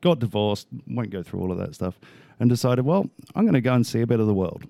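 A man's voice: mid-range voice, big pitch swings, fast, gravelly, dark tone, no echo. Laughing man telling skydiving-style anecdotes. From Australia. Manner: laughs often, rambling anecdotes. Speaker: podcast guest. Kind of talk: casual storytelling chat.

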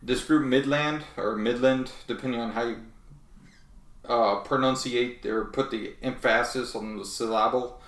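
A man's voice: mid-range voice, steady tone, moderate pace, fairly bright tone, reverberant, recorded from a distance. A man co-hosting a casual radio show, chatting about music in a rambling, enthusiastic way with many fillers.

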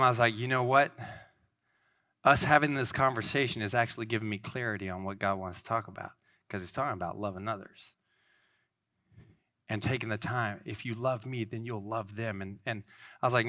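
A man's voice: fairly low pitch, fairly even intonation, a little fast, sharp tone. A man in his thirties giving an informal, earnest sermon, rambling with many restarts.

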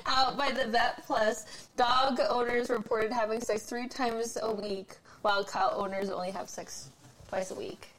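A woman's voice: fairly high pitch, fairly even intonation, unhurried, a crowd in the background, poor audio. Chatty, swearing woman. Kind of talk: casual chat.

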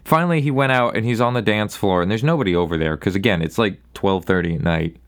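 A young man hosting a solo podcast, telling a rambling bar story in a wry, casual way. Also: on the low side. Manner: rambling, wry, does quick voices for people in his stories. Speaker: podcast host.

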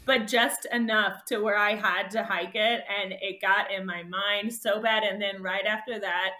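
A woman's voice: medium pitch, fairly even intonation, measured pace, pushed and bright, reverberant. A woman guest telling a race story in casual conversation, emotional and laughing often as she relives it. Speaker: guest ultrarunner.

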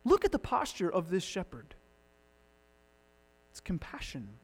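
Pastor, male, higher register, dynamic preacher who drops from punchy to hushed, long church reverb. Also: wildly swooping pitch, measured pace. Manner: dynamic, swinging from loud emphatic to hushed. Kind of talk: sermon.

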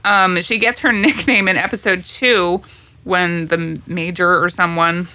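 Woman, casual podcast chat, low-ish pitch, bright tone, laughs often. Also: steady tone, a little slow. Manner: chatty, laughs often, recaps episodes. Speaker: podcast co-host.

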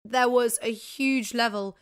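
A woman's voice: a little high, fairly even intonation, measured pace, smooth. A woman with a London accent co-hosting a casual podcast, gushing enthusiastically and laughing often as she rambles. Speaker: podcast co-host.

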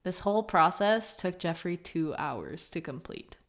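A young woman with a fairly low voice co-hosts a true crime podcast. She reads the case details steadily, now and then breaking into nervous laughter. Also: expressive, unhurried. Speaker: podcast co-host.

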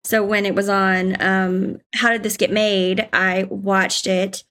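A woman's voice: medium pitch, flat delivery, slow, fairly bright tone. A woman from South Georgia, chatting casually on a movie podcast with many ums. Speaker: podcast co-host.

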